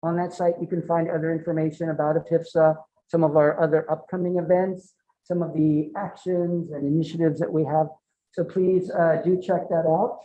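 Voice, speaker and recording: Low-voiced mellow woman moderator. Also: level tone, normal speed, highs cut off. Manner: polite, procedural. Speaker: event moderator. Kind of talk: hosting announcements.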